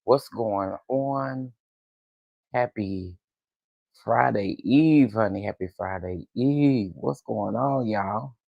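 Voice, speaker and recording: A man with a gravelly, creaky edge hosts a relaxed livestream, calling out viewers by name with playful, drawn-out greetings. He talks. The sound is close and dry, with no room around it. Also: fairly low pitch, no echo, highs cut off. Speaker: livestream host. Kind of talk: casual livestream chat.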